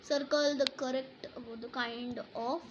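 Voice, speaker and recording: A woman's voice: sits high, fairly even intonation, takes it slowly, muffled recording, noisy background. A woman teaching a grammar lesson, explaining and reading example sentences aloud with emphasis.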